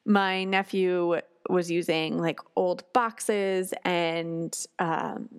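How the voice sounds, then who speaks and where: A woman's voice: on the low side, fairly even intonation, drawn-out words, smooth, no room sound. A woman hosting a parenting podcast, talking casually and acting out quoted lines with sighs and exclamations. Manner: warm storytelling, acts out quotes with sighs and exclamations. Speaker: podcast host. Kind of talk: casual solo podcast talk.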